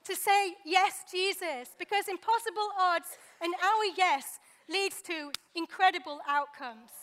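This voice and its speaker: Woman, very high voice, sermon, dramatic pauses. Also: a bit bright. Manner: dramatic pauses, acts out quoted dialogue. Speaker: preacher.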